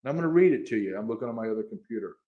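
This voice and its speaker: A man co-hosting a podcast in casual chat, animated and quick to get excited, sometimes reading quotes aloud. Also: fairly low pitch, muffled recording. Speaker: podcast co-host.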